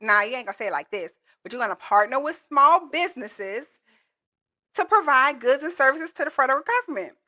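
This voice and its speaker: A woman's voice: sits high, sing-song, a little fast, pushed and bright. A woman coaching viewers in a live stream, talking in an emphatic, repetitive, colloquial way. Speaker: proposal coach.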